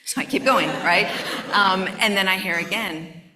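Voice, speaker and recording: A woman's voice: mid-range voice, moderate pace, crowd noise. A woman in her fifties, a conference speaker candidly telling a personal testimony, close to tears at times. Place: large conference hall. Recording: echoey hall.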